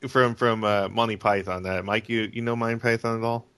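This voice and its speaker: A man's voice: lowish voice, steady tone, a little fast, a bit bright, smooth. A man co-hosting a casual podcast, rambling with many stammering restarts and frequent laughter. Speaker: podcast co-host.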